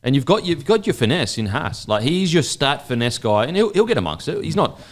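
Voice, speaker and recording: Blunt, sweary Australian bloke. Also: male voice, medium pitch, big pitch swings, a little fast. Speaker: podcast co-host. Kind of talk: casual sports chat.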